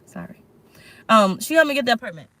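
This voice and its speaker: A woman's voice: fairly high pitch, very animated, brisk, a bit bright, no echo, rough recording. A woman tarot reader talking casually in a vlog, rambling and frank, swearing now and then. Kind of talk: casual spiritual vlog talk. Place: parked car.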